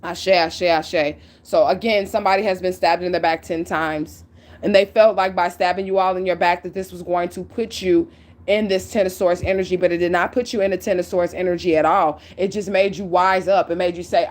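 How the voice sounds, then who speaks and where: A woman's voice: on the low side, steady tone, moderate pace. A woman giving a casual tarot reading at home. She talks bluntly and swears, and she drives her points home with "okay?" and "period". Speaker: tarot reader. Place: at home near a window.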